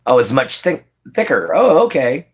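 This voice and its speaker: Male streamer, casual chat with viewers, animated pitch, easy laughter. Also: normal speed, breathy edge. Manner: chatty, answers chat by name, laughs often. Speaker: livestream host.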